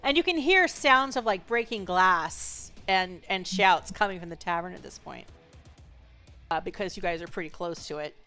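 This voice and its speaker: A woman narrating as game master of a tabletop game, relaxed and chatty, with lots of fillers and laughs. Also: fairly low pitch, normal speed, soft background music.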